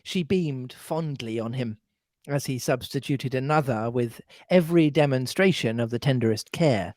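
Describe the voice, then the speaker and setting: A podcast co-host reading a classic mystery aloud in an expressive, animated way. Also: medium pitch, normal speed, no room sound. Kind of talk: reading a novel aloud with chat.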